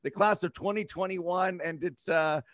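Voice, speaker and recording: A man's voice: sits high, moderate pace, a bit bright, dry recording, clean studio sound. A man co-hosting a podcast, chatting casually and enthusiastically in a rambling way, often laughing. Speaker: podcast co-host. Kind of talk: casual sports chat.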